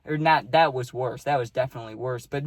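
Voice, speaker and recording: A man's voice: mid-range voice, fast, dry recording. A young man casually telling a rambling personal story, peppering it with "dude" and "right?".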